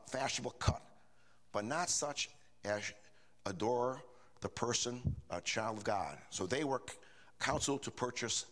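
A man's voice: medium pitch, fairly bright tone. An older man preaching a sermon in a folksy, repetitive way, often asking the congregation rhetorical questions. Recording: reverberant hall.

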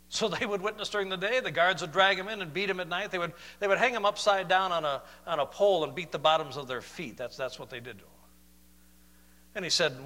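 Emphatic preacher, bright tone in a reverberant hall. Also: male voice, high-pitched. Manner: swings from loud emphatic declarations to soft slow intimate questions. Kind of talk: sermon.

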